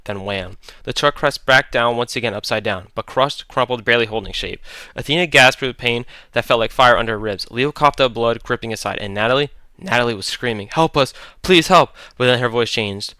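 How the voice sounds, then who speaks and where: Bright, clear male horror narrator. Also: medium pitch, no room sound. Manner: dramatic, deliberate storytelling.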